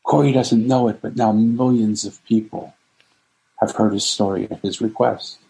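A man's voice: lowish voice, steady tone, moderate pace, vocal fry, mellow, poor audio. A man telling an inspirational story in an earnest, emphatic way, stacking repeated phrases. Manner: earnest, repetitive, emphatic lists. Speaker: speaker.

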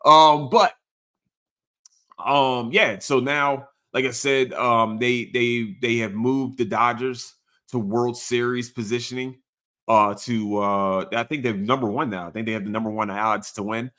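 A man hosting a casual sports podcast, rambling and swearing, jumping into sudden high excited outbursts. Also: unhurried. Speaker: podcast host.

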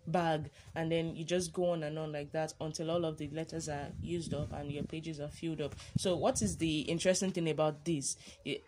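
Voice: mid-range voice, dark tone, a little hiss or hum. A podcast host, chatting casually and rambling through a monologue with many ums and self-corrections.

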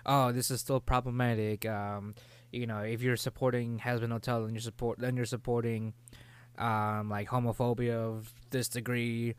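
A man co-hosting a casual podcast chat, halting and repeating words as he talks, often laughing. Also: medium pitch, flat delivery, smooth, dry recording. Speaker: podcast co-host.

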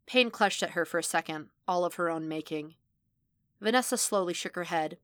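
A woman reading fan fiction aloud as audiobook narration, steady and measured. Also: on the low side, no echo. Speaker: podfic reader.

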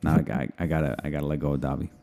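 He speaks in a very low, gravelly voice with a mellow, dark tone. His delivery is deadpan and mumbled as he trades dark jokes in loose podcast chatter. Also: racing. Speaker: podcast co-host. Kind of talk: casual podcast banter.

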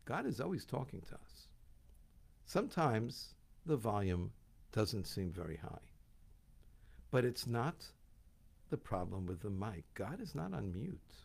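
A man delivers a sermon as a lively story, his pitch climbing and dropping all the time. His voice has a gravelly, creaky edge, and he slips into voices for the characters as he goes. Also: slow pace, long pauses. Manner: animated, acts out voices in the story.

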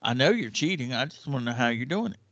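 A man's voice: mid-range voice, lively intonation, fast, fairly bright tone, no room sound, muffled recording. Man quoting an indignant young female classmate. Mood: accusing. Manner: indignant, pressing questions.

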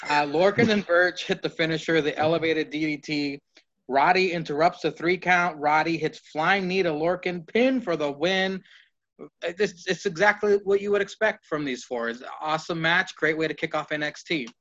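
A man's voice: on the high side, moderate pace, a bit bright. A man co-hosting a podcast, giving a hesitant, offhand wrestling recap with many ums. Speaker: podcast co-host. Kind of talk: casual wrestling recap chat. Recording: dull lo-fi mic.

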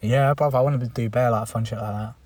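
A man's voice: mid-range voice, steady tone, fast, a little mellow, no room sound, recorded from a distance. A young man, co-hosting a podcast in casual chat, laid-back and slangy, swearing freely, recorded inside a car. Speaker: podcast co-host.

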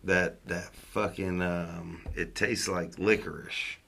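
A man with a Southern US accent and a fairly low voice, talking casually and profanely with buddies. He rambles, restarts, and laughs his way through the tale. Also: steady tone, takes it slowly, creaky. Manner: rambling, profane, gets loud and laughing as the story builds. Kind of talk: casual storytelling chat.

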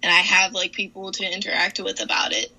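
A woman's voice: medium pitch, flat delivery, a little fast, pushed and bright, breathy edge, poor audio. A young woman, a wrestler, chatting casually in an interview, giggling often and filling with "like" and "um". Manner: giggly, chatty, lots of fillers.

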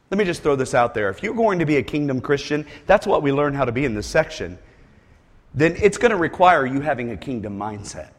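High, lively-voiced man preaching in a hall. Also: brisk. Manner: animated preaching, swings from quiet asides to loud shouted lines; repeats words and restarts phrases as he goes. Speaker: pastor. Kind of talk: sermon.

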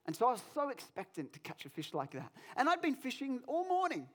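A male pastor preaching a sermon, telling a personal story in an animated, self-deprecating way. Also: very high voice, brisk.

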